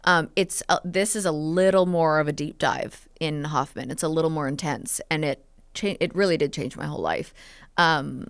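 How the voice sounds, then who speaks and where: A woman's voice: sits low, normal speed, smooth, dry recording. A woman in her thirties, a podcast guest, chatting openly and telling personal stories with many "like"s and "um"s. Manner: open, storytelling, lots of "like" and "um". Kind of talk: casual podcast chat.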